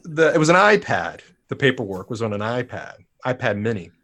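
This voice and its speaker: A man with a medium-pitched voice tells a comedic story briskly while co-hosting a casual podcast. He's animated, swears freely, and loudly acts out what people said.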